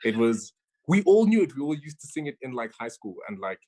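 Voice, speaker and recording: A woman's voice: rumbling low, very animated, brisk, mellow. A woman hosting an online quiz over a video call, chatty and stumbling over her words as she reads each question twice. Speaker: quizmaster.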